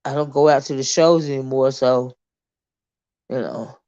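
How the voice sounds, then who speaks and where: A woman's voice, extremely low and mellow at a normal speed, comes through dull audio. She has a Southern American accent and hosts a casual livestream where she reads comments, rambling with many fillers, restarts, and Southern Black American vernacular turns.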